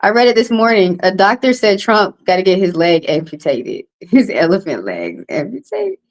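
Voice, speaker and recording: A woman's voice: mid-range voice, sing-song, normal speed, rough recording. A woman doing a casual livestream tarot card reading, talking bluntly and profanely with rambling asides.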